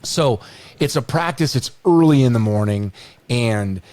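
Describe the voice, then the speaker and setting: A man's voice: mid-range voice, animated, a little slow, a little mellow, no room sound. A middle-aged man hosting a podcast, telling stories in a rambling way, full of restarts and "you know.". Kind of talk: storytelling in casual chat.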